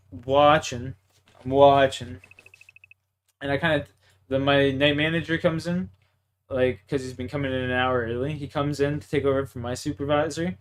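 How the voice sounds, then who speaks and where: Profane, excitable Canadian man chatting. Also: medium pitch, clear, resonant tone. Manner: profane, excitable storytelling with laughs. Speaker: streamer. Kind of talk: casual chat while gaming.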